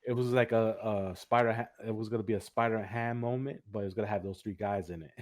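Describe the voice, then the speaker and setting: Low-voiced, rambling male podcast host. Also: steady tone, fast, a little mellow, dry recording, clean studio sound. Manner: rambling, filler-heavy, laughs often. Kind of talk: casual chat.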